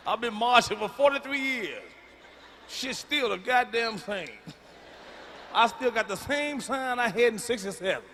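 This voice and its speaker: Loud, profane man doing stand-up in a hall. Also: extremely high pitch, unhurried. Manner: loud, profane, hollering bursts. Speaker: stand-up comedian. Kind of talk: stand-up comedy set. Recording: live hall reverb with faint room noise.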